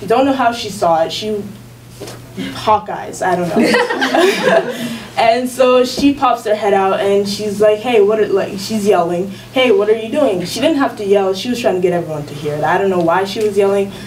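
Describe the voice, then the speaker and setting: A woman's voice: mid-range voice, lively intonation, normal speed, crowd noise. A teenage girl telling a personal story at a school event, talking casually with lots of fillers and laughter. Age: teens. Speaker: student storyteller. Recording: distant mic with faint room ambience.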